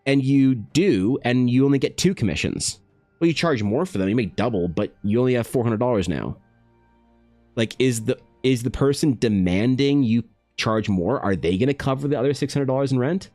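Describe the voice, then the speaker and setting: A man's voice: normal speed, no echo, faint music behind. A man chatting casually while he draws, telling loose, rambling stories full of "like", "bro" and swearing. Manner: slides into animated high-pitched voices for quoted people. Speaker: artist streaming while drawing.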